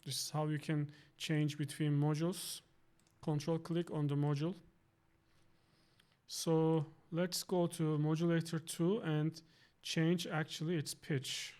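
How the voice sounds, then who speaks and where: A man presenting a software synthesizer tutorial, thinking aloud with fillers and quick self-corrections. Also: a little high, little pitch movement. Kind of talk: screen-recorded software tutorial. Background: synth tones playing under the voice.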